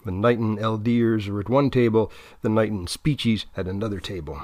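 A man giving steady, even scripted narration of a novel. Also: lowish voice, moderate pace, dry recording. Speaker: audiobook narrator.

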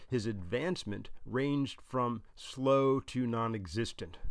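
A man's voice: mid-range voice, dry recording, clean studio sound. A man narrating an audiobook with a wry, dryly humorous delivery.

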